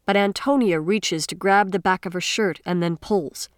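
A woman narrating an audiobook in a measured, expressive storytelling manner. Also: medium pitch, smooth, dry recording, studio quality. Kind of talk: scripted narration.

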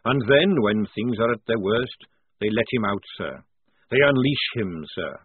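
A man's voice: on the low side, expressive, a little slow, husky, dry recording. A man voicing a crafty, knowing old army sergeant with sly, conspiratorial soldier talk in an audiobook. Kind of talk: audiobook character voice. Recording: tinny, dry, phone-like sound.

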